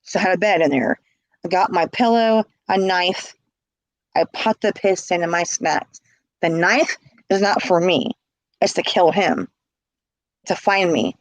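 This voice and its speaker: Slow, blunt woman telling her story. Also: fairly low pitch, no echo, rough recording. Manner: blunt and emphatic, repeating words. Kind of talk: casual spoken storytelling.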